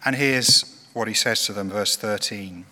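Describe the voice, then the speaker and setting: A man preaching a sermon in a church, retelling a story in an animated, conversational way. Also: fairly low pitch, measured pace, long reverb tail.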